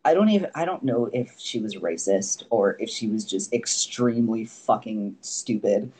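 Rambling, mellow-voiced man telling stories. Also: fairly low pitch, lively intonation, normal speed, slightly rough. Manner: rambling with frequent fillers and casual swearing; laughs often between remarks. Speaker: podcast guest. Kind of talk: casual storytelling.

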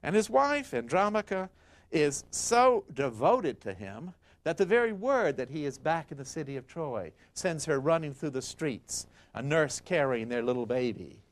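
A man's voice: fairly high pitch, a little slow. A man giving a history lecture, retelling an ancient tale dramatically and acting out the quotes. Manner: dramatic and expressive, acts out quotes. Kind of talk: storytelling lecture.

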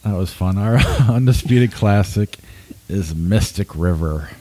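A man's voice: low-pitched, a little slow, dark tone. A man co-hosting a casual film review podcast, talking in a laid-back, wry, agreeable way. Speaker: podcast co-host.

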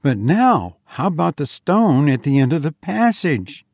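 A man reading a story aloud and voicing a frightened young gentleman who speaks in an anxious, breathless way. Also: on the high side, very animated, unhurried, no echo, studio quality, exaggerated voice.

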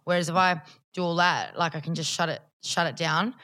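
A woman's voice: on the low side, steady tone, a little fast, pushed and bright. An Australian woman chatting frankly as a podcast guest, swearing freely. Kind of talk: casual chat.

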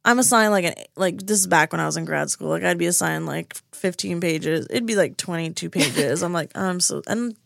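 Animated woman podcast host, dry studio sound. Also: fairly low pitch, a little fast, creaky, few pauses, no echo. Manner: animated, acts out characters' lines, swears casually. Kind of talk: casual episode recap. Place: recording studio.

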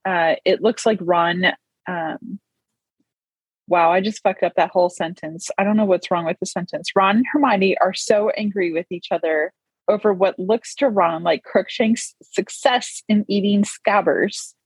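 Woman podcast co-host, husky, teasing and profane, dry close sound. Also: medium pitch, measured pace, dry recording, rough recording. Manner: teasing, swears casually, laughs a lot. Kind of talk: casual chat.

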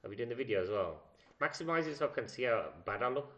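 A man's voice: mid-range voice, sing-song, quick pace, highs cut off, a crowd in the background. A young man co-hosting a podcast, chatting casually in a rambling, jokey way that trails off into mumbles. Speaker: podcast co-host. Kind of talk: casual chat.

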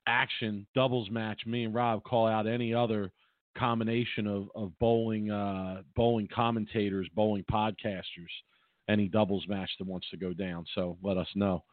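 A man's voice: lowish voice, flat delivery, normal speed, no room sound. A man co-hosting a podcast in laid-back casual chat. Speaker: podcast co-host. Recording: tinny phone-like line, dry.

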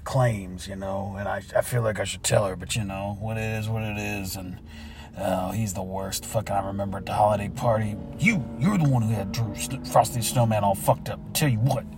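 A man playing a bitter middle-aged office worker who grumbles low and swears crudely under his breath. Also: expressive, quick pace, few pauses, over music, lightly acted. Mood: seething. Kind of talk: comedy sketch monologue.

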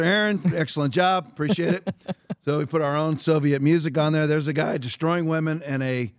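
A man's voice: a little high, steady tone, normal speed, clear, resonant tone. A man hosting a podcast, giving blunt, emphatic and mocking commentary. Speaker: podcast host.

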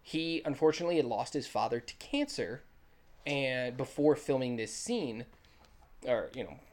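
A man's voice: medium pitch, normal speed, darkish tone. A man co-hosting a casual movie recap, retelling scenes with enthusiasm and quoting lines. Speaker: podcast co-host.

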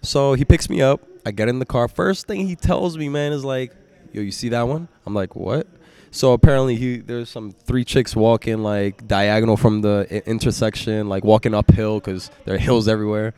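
A young man with a New York accent telling a story on a podcast, animated, swearing freely and acting out what people said. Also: lowish voice, brisk, few pauses, smooth. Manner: animated, acts out quoted dialogue, swears freely. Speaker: podcast guest. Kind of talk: casual storytelling chat.

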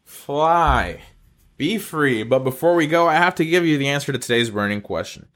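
He talks quickly, with lively intonation and a medium-pitched, fairly bright voice. The man is a podcast host from North Carolina whose upbeat good-news show has him speaking to listeners in an earnest, encouraging, affectionate manner.

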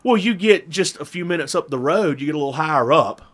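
A man's voice: on the high side, expressive, quick pace, a bit bright. A man with a Southern Virginia drawl, telling rambling stories in casual chat as a podcast co-host. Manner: rambling storyteller, chuckles often.

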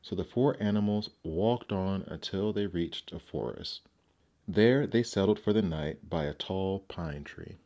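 Male narrator, deep voice, gentle expressive storybook reading. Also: unhurried.

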